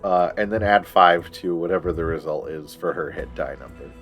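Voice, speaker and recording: A man running a tabletop game as game master, explaining rules and narrating in a relaxed way with many fillers. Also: deep voice, moderate pace, soft background music.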